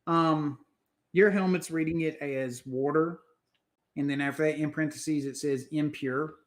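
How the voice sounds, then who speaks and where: Casting: relaxed man as game master, narrating a tabletop game. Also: a little high, measured pace.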